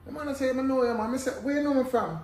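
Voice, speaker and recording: Jamaican man bantering in relaxed patois. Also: very high voice, rapid-fire. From England. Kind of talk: casual chat. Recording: echoey room with faint hiss.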